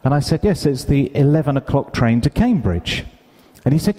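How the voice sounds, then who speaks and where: A man's voice: mid-range voice, moderate pace. A British man telling a story in a reverberant conference hall. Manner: animated storyteller, acts out quoted dialogue. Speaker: conference speaker. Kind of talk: storytelling keynote talk. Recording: hall reverb, live stage sound.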